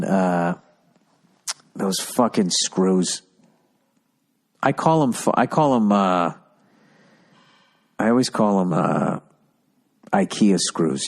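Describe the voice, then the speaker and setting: A man's voice: deep voice, a little mellow. A middle-aged man hosting a podcast, rambling through a profane, ranting monologue full of stories. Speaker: podcast host.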